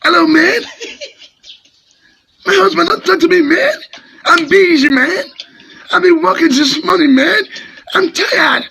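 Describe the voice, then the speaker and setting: A woman's voice: extremely high pitch, expressive, slow, gravelly, pauses often, bright, forceful tone, voice pushed up, heavily acted, low-quality recording. A Nigerian man mimicking a fed-up Westernized African wife who drawls "man" at the end of each line. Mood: mocking.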